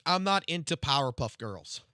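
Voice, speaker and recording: A man streaming live, reacting to game news in a profane, excitable rant that swings from low mutters to loud outbursts. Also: moderate pace, clean tone, dry recording, studio quality.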